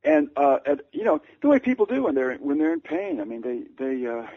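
A man's voice: a little high, wildly swooping pitch, a little fast, gravelly, narrow, tinny audio. A male author and writing teacher, interviewed and telling a story at length, hesitant, with many fillers and restarts.

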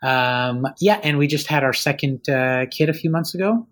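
A man's voice: on the high side, normal speed, a bit bright, slight background noise, low-quality recording. A man in his thirties, an author being interviewed, talking casually and hesitantly with many ums and restarts. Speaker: author guest.

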